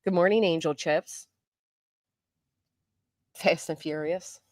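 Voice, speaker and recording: A middle-aged woman hosting a live stream, chatting casually with viewers, greeting them by name, and talking fast and loud. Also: lowish voice, fairly even intonation, dry recording, studio quality. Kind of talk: casual live chat, reading comments.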